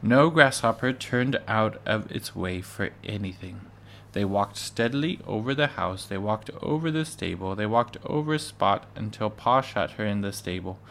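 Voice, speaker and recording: A man reading a children's book aloud, measured and with occasional stumbles. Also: on the low side, expressive, gravelly, fairly bright tone, slight background noise. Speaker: reader.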